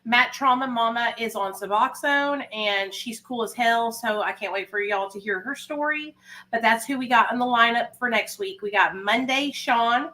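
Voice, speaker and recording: A woman's voice: a little high, normal speed, bright, forceful tone, rough recording. A young woman hosting a livestream, talking candidly and emotionally, rambling with fillers. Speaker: livestream host. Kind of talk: casual livestream talk.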